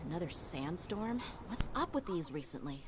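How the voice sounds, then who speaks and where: A blunt, scolding village warrior. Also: female voice, lowish voice, sing-song, moderate pace, noisy background. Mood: impatient. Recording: game audio with music behind.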